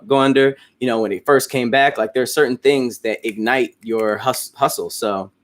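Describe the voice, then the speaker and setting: A man hosts a casual stream, answering his fans in loose, rambling chat full of restarts and casual swearing. His voice is lowish with a fairly bright tone.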